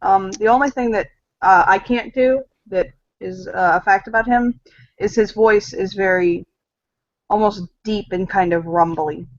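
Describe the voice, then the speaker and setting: A woman running a tabletop game as game master, narrating hesitantly with many pauses and fillers. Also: medium pitch, no echo. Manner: hesitant, many ums while describing. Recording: dull lo-fi recording.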